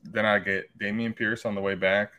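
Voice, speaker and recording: A man co-hosting a casual podcast, talking things through in a relaxed way. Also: lowish voice, normal speed. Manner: relaxed, thinks aloud with restarts. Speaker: podcast co-host.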